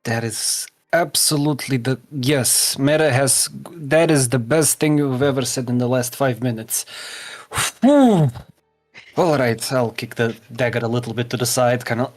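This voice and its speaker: Man gently comforting in a tabletop game. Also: mid-range voice, animated, normal speed, faint music behind. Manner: gentle, reassuring. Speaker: player. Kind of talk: casual tabletop role-play.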